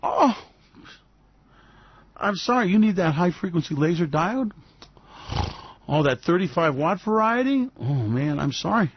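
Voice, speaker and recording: A man's voice: high voice, very animated, measured pace, long pauses, husky, exaggerated voice. A man voicing a sly overseas parts supplier who apologizes with false sweetness. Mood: mock-sorry. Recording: dull lo-fi dry recording.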